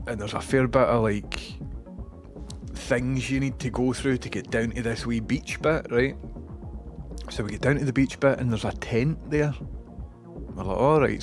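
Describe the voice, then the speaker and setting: A man's voice: medium pitch, a little mellow. A man with a Scottish accent who streams, rambling casually and self-mockingly while reading out viewer messages.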